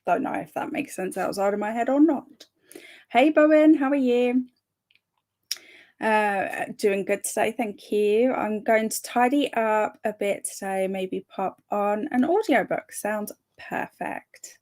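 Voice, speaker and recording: A woman's voice: medium pitch, measured pace, darkish tone. A young woman hosting a live reading stream, chatting casually and reading out viewers' comments, bubbly, laughing often and tripping over her words now and then. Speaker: livestream host of reading sprints.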